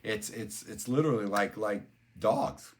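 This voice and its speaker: A man's voice: lowish voice, expressive, unhurried. An older man talking as a neuroscience educator, conversational and explanatory, repeating words and spelling out terms as he goes. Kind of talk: explanatory talk.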